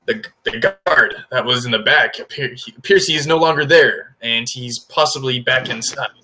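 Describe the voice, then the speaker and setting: A man's voice: medium pitch, bright, forceful tone. A man voicing a courteous, scheming male warrior ally in a tabletop game, speaking formally with some hesitation. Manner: polite, formal, measured, halting.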